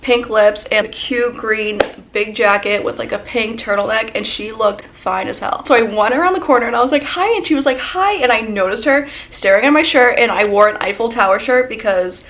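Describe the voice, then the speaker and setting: Fast-talking young woman gushing a storytime. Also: on the high side. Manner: excited fangirl gushing, lots of "like". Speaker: vlogger. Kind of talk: casual storytime.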